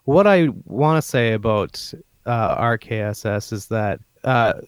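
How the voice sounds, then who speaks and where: A man co-hosting a podcast in casual chat, enthusiastic and a little halting. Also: lowish voice, lively intonation, smooth, no echo. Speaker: podcast co-host.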